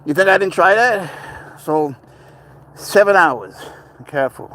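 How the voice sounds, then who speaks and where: A man's voice: high voice, lively intonation, measured pace, pauses often, bright, forceful tone, a little hiss or hum. Man soothing his cat outdoors. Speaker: pet vlogger. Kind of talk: casual vlog talk to camera and pet. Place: outdoors, walking near a cemetery.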